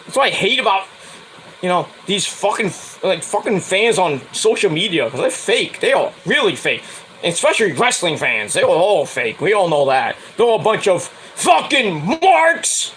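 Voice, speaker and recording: Brash New host, blunt and swearing, animated pitch swings. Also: male voice, slight background noise, low-quality recording. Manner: profane, blunt, mocks with high whiny voices. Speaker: podcast host. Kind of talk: casual sports rant.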